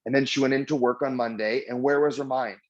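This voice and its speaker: Speaking quickly in a medium-pitched voice, a man leads a relaxed mindfulness class as its trainer, rambling with lots of fillers and giving the characters in his stories lively voices. The audio is lo-fi.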